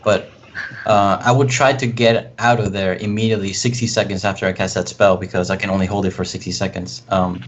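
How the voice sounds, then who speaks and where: A male tabletop player who talks in a casual, rambling way, full of ums and likes. His voice sits fairly low and comes through a muffled, lo-fi voice-chat line. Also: level tone, fairly quick. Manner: rambling, filler-heavy.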